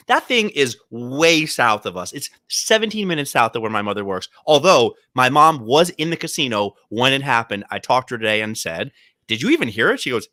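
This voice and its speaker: A man co-hosting a podcast in casual chat, his voice bright and ringing, swinging widely up and down as he tells a story. He jumps into quoted voices along the way. The sound is dry and close. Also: medium pitch, lively intonation, a little fast, no room sound. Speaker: podcast co-host. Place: podcast studio.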